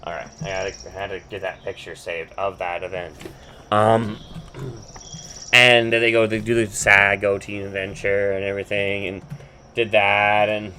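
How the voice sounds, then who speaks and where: A man's voice: fairly low pitch, sharp tone, slight background noise. A man hosting a podcast, recapping a cartoon episode in a loose, rambling way, swearing often and filling gaps with "um" and "like". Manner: rambling, profane, full of fillers and restarts. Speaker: podcast host.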